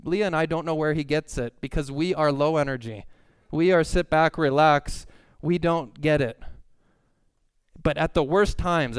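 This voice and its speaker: A man in his thirties preaching a sermon in an earnest, conversational way, with sudden excited outbursts. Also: mid-range voice, smooth, no echo, clean studio sound. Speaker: pastor.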